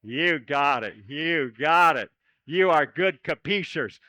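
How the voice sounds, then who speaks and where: A man's voice: fairly high pitch, expressive, takes it slowly, pushed and bright, no room sound, poor audio. A man speaking as a folksy cowboy storyteller, giving a playful chapel talk to children at camp. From Oregon.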